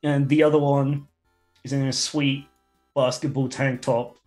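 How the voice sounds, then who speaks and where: A man's voice: mid-range voice, flat delivery, a little slow, a little mellow, faint music behind. A man narrating as dungeon master in a chatty, amused way with many fillers. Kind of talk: casual tabletop game narration.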